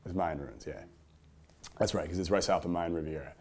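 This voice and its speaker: This man's voice sits low and runs a little fast as he gives an energetic seminar talk before a live crowd. He keeps throwing out rhetorical questions and alternates booming emphasis with hushed asides.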